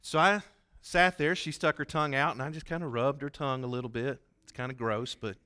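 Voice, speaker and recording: A man's voice: mid-range voice, steady tone, fairly quick, bright, forceful tone, clean tone. A man preaching as a pastor, telling a story in a folksy, conversational way and acting out the voices he quotes. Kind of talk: sermon storytelling.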